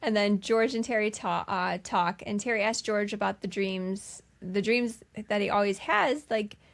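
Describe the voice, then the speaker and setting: Woman podcast co-host in her thirties, easygoing recap chat, filler-heavy, pops into character voices. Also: medium pitch. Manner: retells scenes with quick voiced impressions, many fillers. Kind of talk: casual movie recap chat.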